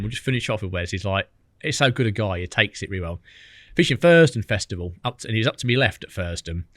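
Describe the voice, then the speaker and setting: A man's voice: on the low side, fairly bright tone, no room sound. A man, a podcast guest telling cheeky anecdotes and mimicking the people in them. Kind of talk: casual storytelling.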